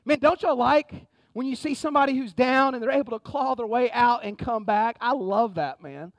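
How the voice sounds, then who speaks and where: A man preaching a sermon in a conversational, energetic way, often saying "man". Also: extremely high pitch, normal speed, no echo. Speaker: pastor. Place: church sanctuary.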